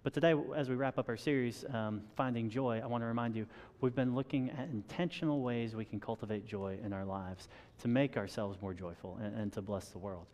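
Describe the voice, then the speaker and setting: A man preaching a sermon in a relaxed conversational way, chuckling at his own stories and often restarting his sentences. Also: medium pitch, a little fast, hardly any pauses, big-room sound. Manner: conversational, self-deprecating with chuckles and repeated restarts. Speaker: pastor.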